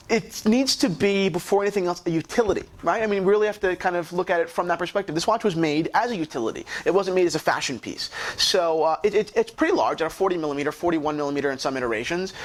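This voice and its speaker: A man hosting a vlog and answering viewer questions in casual talk, with lots of fillers, restarts and swearing. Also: fairly high pitch. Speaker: host.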